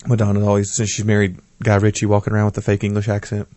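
A man's voice: lowish voice, completely flat delivery, rapid-fire, darkish tone, no echo. A man co-hosting a podcast, reading listener messages in a casual chat and tossing in joking asides.

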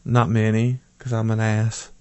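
A man's voice: on the low side, completely flat delivery, a little slow, a little mellow, clear, resonant tone, no room sound. A man co-hosting a podcast, reading listener messages in a casual chat and tossing in joking asides.

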